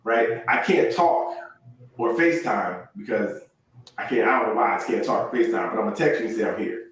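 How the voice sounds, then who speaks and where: A man's voice: lowish voice, expressive, fairly quick, slight background noise. A male podcast host chatting casually, laughing often and acting out little scenes with quoted lines. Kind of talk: casual chat. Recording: echoey room, far from mic.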